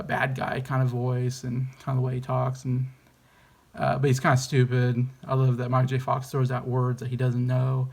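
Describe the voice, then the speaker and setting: A man's voice: medium pitch, creaky. A man giving a casual, enthusiastic movie review, hesitant and rambling with many ums and restarts.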